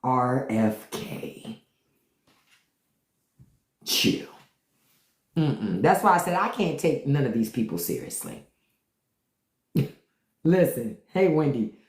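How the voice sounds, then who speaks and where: Brief: livestream host, casual profane chatter, laughs a lot, mid-pitched, roomy echo. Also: very animated, takes it slowly, pauses often. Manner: loose, profane storytelling with frequent laughter and hums. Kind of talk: casual livestream chat with viewers.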